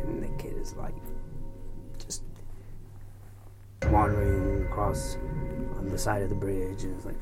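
A man's voice: lowish voice, completely flat delivery, a little slow, long pauses, loud music behind the voice. A man casually telling a long, rambling story in loose, swear-heavy chat.

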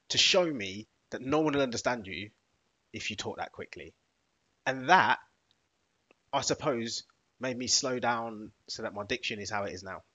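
Relaxed husky man, dry and muffled. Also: medium pitch, dry recording. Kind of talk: casual chat.

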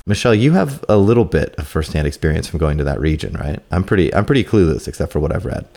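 Brief: male podcast co-host, very deep gravelly voice, quick and lively, stammering repeats. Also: soft background music. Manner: hedging, stammers and repeats words. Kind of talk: casual chat.

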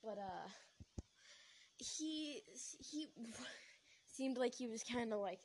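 A woman's voice: fairly high pitch, expressive, slow pace, slight background noise, low-quality recording. A young woman telling a story casually. She rambles, uses lots of fillers, corrects herself and laughs now and then.

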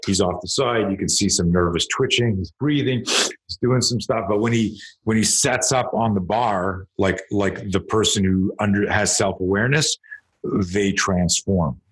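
A man with a deep, husky voice who is a podcast guest. He talks things through thoughtfully in a relaxed, conversational way and builds his points with examples. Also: normal speed, rough recording. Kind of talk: casual conversational interview.

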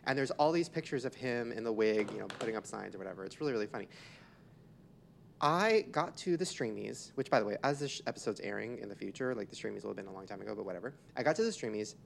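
Young man, podcast host, rapid-fire gossip, gravelly fry in his voice, excitable and profane. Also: lowish voice, a little hiss or hum. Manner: excitable, gossipy storytelling with frequent swearing. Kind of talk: casual podcast chat.

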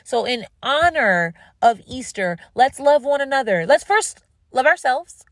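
A woman's voice: high voice, lively intonation, a little slow, dry recording, clean studio sound. A woman hosting a faith podcast, speaking earnestly and repeating phrases for emphasis as she talks and then prays aloud. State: tired and dry-mouthed. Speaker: podcast host. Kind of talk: devotional talk and prayer.

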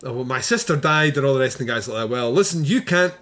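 A man's voice: mid-range voice, animated, brisk, a bit bright. A man co-hosting a podcast, chatting casually and animatedly about a film, laughing often and swearing freely. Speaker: podcast co-host reviewing a film. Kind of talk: casual chat.

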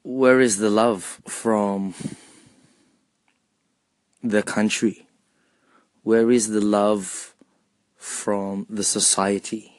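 A man giving a personal monologue, asking repeated rhetorical questions in a measured, deliberate way. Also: lowish voice, level tone, darkish tone, dry recording.

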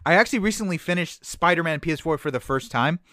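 A man's voice: a little high, quick pace, no room sound, studio quality. A man co-hosting a movie podcast, chatting casually and emphatically, repeating his points. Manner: animated, emphatic, repeats phrases. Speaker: podcast co-host.

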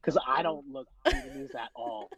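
Laid-back slangy man, lively pitch. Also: normal speed, gravelly, crowd noise. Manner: laid-back, slangy, tags sentences with "right?". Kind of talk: casual chat, storytelling.

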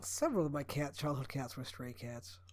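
A man's voice: mid-range voice, expressive, moderate pace. A married man co-hosting a podcast in casual chat, dropping wry quips and short reactions. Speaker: podcast co-host.

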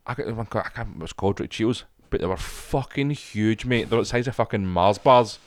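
A young man co-hosting a podcast, telling sweary stories in lively banter. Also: fairly low pitch, fast talker, no echo, studio quality. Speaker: podcast co-host. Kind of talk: casual chat.

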